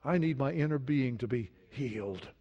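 A man preaching a sermon, asking his listeners many questions and dropping from loud emphasis to a hushed, quiet voice. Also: mid-range voice, animated, moderate pace, husky, highs cut off. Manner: dynamic preaching, swings from loud emphasis to hushed near-whisper. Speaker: pastor.

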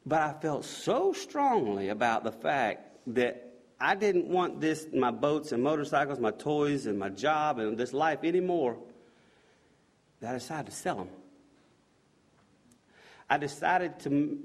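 A man's voice: mid-range voice, expressive, normal speed. A middle-aged man giving an earnest personal testimony, telling his story in a loose, conversational way with frequent restarts. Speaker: volunteer sharing his faith story.

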